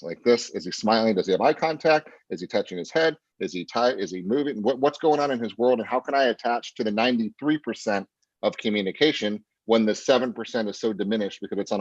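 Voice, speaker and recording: A man's voice: fairly low pitch, no room sound. A man training sales agents in a punchy, blunt way, often checking in with "right?". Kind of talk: coaching a team on a sales script. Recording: dull, dry, lo-fi sound.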